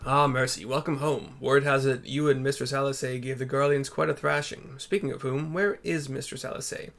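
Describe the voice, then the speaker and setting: A man's voice: medium pitch, fairly even intonation, brisk, creaky, fairly bright tone. A man putting on a grave fantasy scholar with a Texan drawl, formal and stiff, mid-range voice, for a game read-through. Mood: grave, earnest. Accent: attempted Texan. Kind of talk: reading game dialogue aloud.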